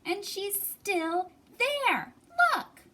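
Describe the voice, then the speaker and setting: A squeaky little bear cub, put on by a woman reading aloud, whining and grumbling in a high, bouncing voice. His pitch sits far above the reader's own and leaps about lively from word to word. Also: extremely slow, exaggerated voice. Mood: whiny. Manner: squeaky, complaining.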